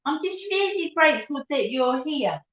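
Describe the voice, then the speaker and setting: A woman's voice: high-pitched, animated, normal speed. A woman from the East End of London with a Cockney accent, hosting a casual live-stream chat and calling her viewers sweetheart and darling. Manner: chatty, affectionate, calls viewers sweetheart and darling. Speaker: beauty channel host. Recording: roomy, dull lo-fi home stream.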